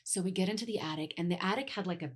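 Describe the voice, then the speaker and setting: Animated woman telling a spooky story. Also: on the low side, racing, husky. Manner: animated, acts out the voices in her stories. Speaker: guest storyteller. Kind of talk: casual podcast storytelling.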